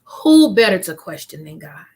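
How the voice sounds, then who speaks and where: A woman's voice: mid-range voice, big pitch swings, normal speed, darkish tone, husky. A woman in her fifties hosting a faith-based interview from home over a video call. She speaks earnestly as a grief counselor and repeats key lines like rhetorical preaching. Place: at home with family around.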